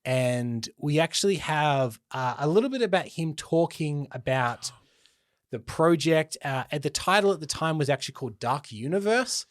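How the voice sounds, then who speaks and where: A man's voice: on the high side, expressive, moderate pace, no echo. Easygoing male podcast host, dry mic. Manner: explanatory, easygoing, laughs along. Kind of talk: casual chat.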